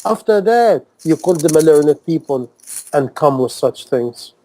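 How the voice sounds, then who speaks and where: Impassioned preacher man, dark-toned. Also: a little high, lively intonation, unhurried, poor audio. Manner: emphatic, repeats phrases, fires rhetorical questions; non-native English grammar. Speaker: Islamic preacher. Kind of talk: impassioned sermon talk.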